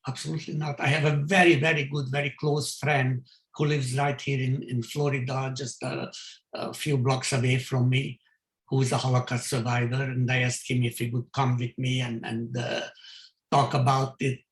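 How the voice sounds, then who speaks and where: An older man from Hungary giving his survivor testimony, speaking haltingly with many fillers and restarts. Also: medium pitch, little pitch movement. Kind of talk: testimony in a video call talk. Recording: roomy echo.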